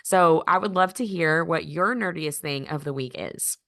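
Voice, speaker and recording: A woman's voice: deep voice, moderate pace, fairly bright tone, no room sound, studio quality. A woman hosting a podcast interview, asking questions in a friendly, encouraging way. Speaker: podcast host. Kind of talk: casual interview chat.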